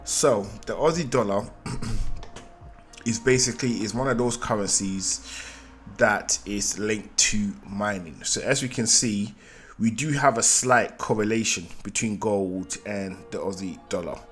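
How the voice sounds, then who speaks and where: A man's voice: fairly low pitch, a little slow, fairly bright tone, soft background music. A man giving a live market analysis, thinking aloud and repeating phrases, often checking in with "right?". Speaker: trading analyst.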